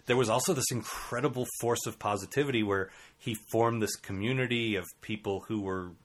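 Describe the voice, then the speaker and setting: A man's voice: fairly low pitch, a little fast, a little hiss or hum. A man co-hosting a casual podcast chat, candid and rambling, swearing freely and laughing often. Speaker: podcast co-host.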